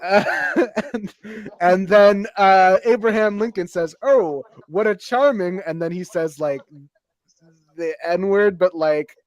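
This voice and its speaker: A man on a group live stream telling a story hesitantly, with many pauses and laughs. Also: high-pitched, steady tone, dry recording. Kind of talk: casual group chat.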